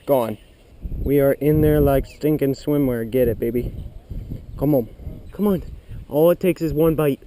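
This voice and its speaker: An excitable man narrating his own fishing trip outdoors, talking to viewers and cheering at every bite. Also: medium pitch, normal speed, pauses often. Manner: excitable, gasps and cheers at bites. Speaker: fishing vlogger. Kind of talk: excited outdoor vlog commentary. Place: outdoors by a pool of water.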